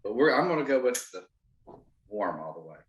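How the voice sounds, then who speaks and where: Lively-voiced man on a video call. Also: mid-range voice, a little fast, reverberant, rough recording. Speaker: class participant. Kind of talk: casual chat on a video call.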